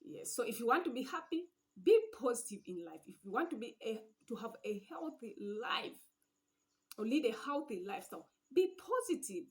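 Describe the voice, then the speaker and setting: Earnest woman giving gentle faith-based advice. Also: fairly high pitch, sing-song, brisk. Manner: earnest, repeats points with "yes" and "you know"; gentle, often trails off softly. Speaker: relationship channel host.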